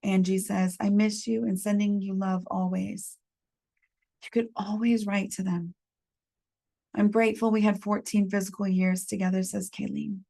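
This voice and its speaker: A woman leading a support group through a gentle guided reflection, calmly reading out messages from the chat. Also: medium pitch, creaky. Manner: gentle, unhurried, reads chat messages aloud. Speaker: medium leading a healing workshop.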